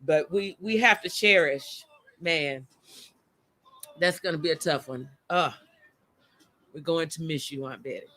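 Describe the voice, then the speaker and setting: A woman's voice: low voice, measured pace, pauses often, pushed and bright. A woman hosting a casual livestream chat outdoors, talking with feeling and greeting viewers by name. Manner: emotional. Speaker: host of a live chat show. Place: outdoors by a motion-sensor light.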